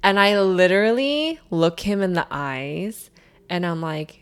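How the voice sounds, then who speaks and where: A woman's voice: fairly low pitch, expressive, unhurried, clean tone. A young woman telling a story in casual chat, rambling with many filler words.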